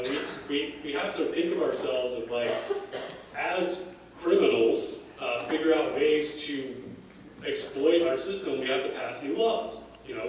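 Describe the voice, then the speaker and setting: A man, a game developer on a panel, talking casually and haltingly with many fillers and restarts. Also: mid-range voice, slight background noise. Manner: halting, full of "like" and "you know", restarts. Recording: echoey hall, voice from far off, faint ambience.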